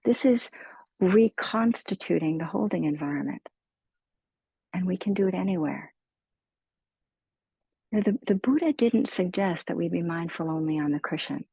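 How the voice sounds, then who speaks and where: Gentle, slow-spoken woman meditation teacher, husky. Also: on the low side, lively intonation, no room sound, low-quality recording. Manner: slow, gentle, soothing delivery. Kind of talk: guided mindfulness talk.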